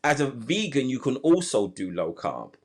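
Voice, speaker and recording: A man's voice: mid-range voice, very animated, moderate pace. A man hosting a live health podcast over a video call, talking enthusiastically and often restarting his sentences. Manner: enthusiastic, many restarts and fillers. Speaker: podcast host.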